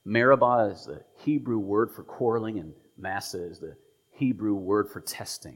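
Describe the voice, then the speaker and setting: A man preaching a sermon as a pastor, retelling stories with lively emphasis, voicing the people in them and dropping at times to a whisper. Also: on the low side, normal speed. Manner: animated storytelling, voicing quoted figures, dropping to whispers.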